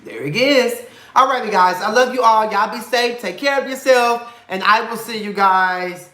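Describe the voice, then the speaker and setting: A man chats on a live stream with a bright, forceful voice. His delivery is sassy and campy, full of slang and swearing, and he sounds affectionate toward his viewers. The sound is roomy and echoey. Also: sits high, moderate pace, slight background noise. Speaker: host of a live reality TV review stream. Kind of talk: casual live-stream chat.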